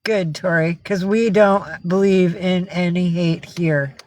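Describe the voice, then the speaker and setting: A chatty livestreamer from upstate New York talks casually and swears freely, cooing fondly at her cats between answers to viewers' comments. Her fairly low, slightly mellow voice keeps a fairly even intonation and a measured pace, in a dry recording.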